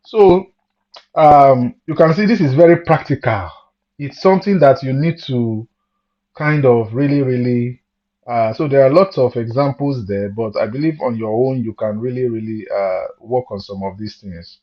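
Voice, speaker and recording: A man's voice: mid-range voice, normal speed. A man teaching a music theory lesson, patient and repeating himself as he asks students questions. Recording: dull lo-fi sound.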